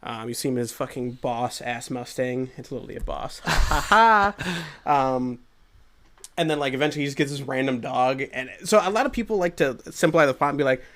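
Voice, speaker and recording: A man's voice: medium pitch, fast talker. A young man co-hosting a podcast, reviewing a movie in casual, profane chat and acting out the scenes with energy. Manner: excitable, profane, acts out scenes. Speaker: podcast co-host.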